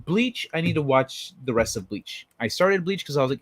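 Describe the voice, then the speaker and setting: A man's voice: on the high side, expressive, moderate pace, dry recording. A man live-streaming, chatting casually with viewers and telling stories in a rambling, profane way.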